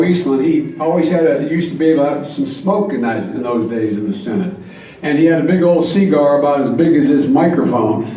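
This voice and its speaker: In a large convention hall, a man in his seventies gives a campaign speech as a guest speaker at a rally, his voice on the high side and a little mellow. He tells folksy stories mixed with jokes and earnest emphasis. The recording is muffled and echoey, with a distant mic and faint noise.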